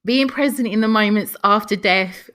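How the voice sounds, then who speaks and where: A woman hosting a podcast, reading a passage aloud and chatting softly, emotional and close to tears. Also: medium pitch, moderate pace. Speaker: podcast host.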